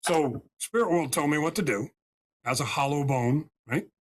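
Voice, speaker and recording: An American man, a spiritual healer appearing as a podcast guest, tells a story emphatically, often checking in with "right?" and "okay?". His voice sits on the high side, and his speed is normal.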